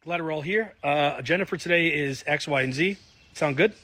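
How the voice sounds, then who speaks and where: A man playing a sales rep in a demo video, acting out a sales call as a rapid role-play. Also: a little high, pushed and bright, no room sound. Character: male sales rep, eager then confident.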